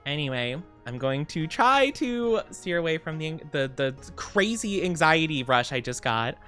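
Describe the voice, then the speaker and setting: A young adult woman streamer, tired and low on sleep, chatting casually and greeting her chat. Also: sing-song, unhurried, a bit bright, soft background music. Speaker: VTuber streamer.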